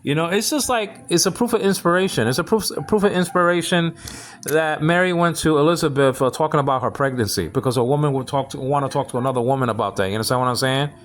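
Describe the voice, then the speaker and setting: Male teacher leading a relaxed Bible Greek lesson; stop-start delivery with many restarts. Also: on the high side. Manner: halting, full of restarts and repeated words; keeps asking "you understand what I'm saying?".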